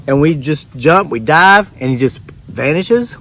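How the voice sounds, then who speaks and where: A man's voice: on the high side, normal speed, few pauses, fairly bright tone, slight background noise. A man telling a tall tale in a folksy, rambling drawl. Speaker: storyteller.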